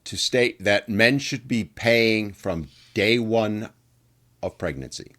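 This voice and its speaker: A man hosting a podcast interview, talking conversationally and adding quick asides. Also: lowish voice, sharp tone. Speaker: podcast host.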